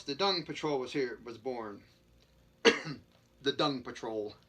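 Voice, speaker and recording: Bright-voiced man reading a book aloud. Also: mid-range voice. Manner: stumbles and restarts, chuckles, adds jokey remarks between passages. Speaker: reader.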